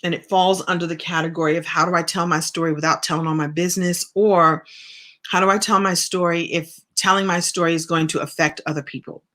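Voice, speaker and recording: A woman's voice: fairly low pitch, fairly even intonation, fairly quick, fairly bright tone. A middle-aged woman coaching in a casual live stream, chatty and encouraging as she answers viewer comments. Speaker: business and writing coach.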